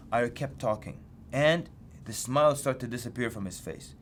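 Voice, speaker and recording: Guy preaching, tells stories, voice jumps up and down a lot, mid pitch, faint hiss behind. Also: moderate pace. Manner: lively storytelling, pitch jumps for emphasis. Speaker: Islamic preacher teaching street outreach. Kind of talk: story-led lecture.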